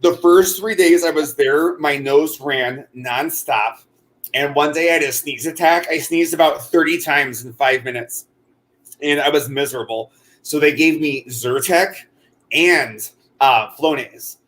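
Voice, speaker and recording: A man's voice: a little high, measured pace, a bit bright. A man co-hosting a casual chat while crocheting, rambling with many fillers and restarts. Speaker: co-host.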